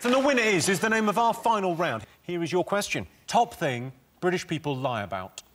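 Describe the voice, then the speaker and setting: A man's voice: high voice, big pitch swings, fairly quick. A man hosting a comedy panel show, delivering questions and dry one-liners. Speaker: quiz host. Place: TV studio with audience. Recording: studio with loud audience and noise.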